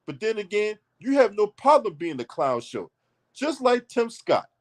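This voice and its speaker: A man's voice: high-pitched, very animated, moderate pace. Heated, profane male political ranter. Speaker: political commentary host. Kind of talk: ranting political commentary.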